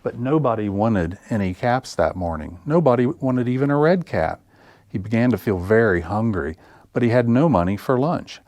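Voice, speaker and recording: A man reads picture books aloud for a children's story time, taking his time and leaning into each phrase. His voice sits at an ordinary middle pitch. The recording is dry and close, with no room echo. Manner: slow, expressive storytelling. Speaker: children's librarian. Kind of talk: picture-book read-aloud.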